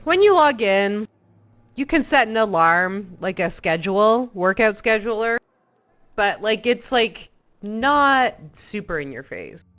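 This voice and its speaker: A woman co-hosting casual gaming commentary, relaxed and explanatory. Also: medium pitch, slow pace. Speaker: co-host.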